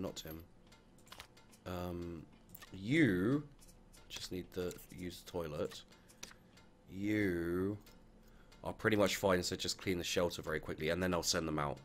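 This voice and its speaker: Very deep-voiced man narrating gameplay. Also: slow, pauses often, faint music behind. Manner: mutters and exclaims to game characters, swears freely. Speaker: let's play gamer. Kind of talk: casual gameplay commentary.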